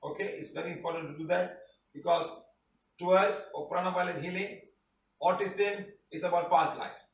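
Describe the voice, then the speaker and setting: A man's voice: sits high, fairly even intonation, normal speed, creaky. A man teaching a healing class, rambling and repeating himself for emphasis. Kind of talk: online class presentation. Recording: roomy, distant, dull sound.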